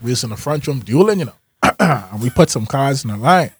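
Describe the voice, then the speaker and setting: A man co-hosting a casual podcast, telling a childhood story in a laid-back way, often trailing off softly. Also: mid-range voice, expressive, a little fast, breathy edge. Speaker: podcast co-host.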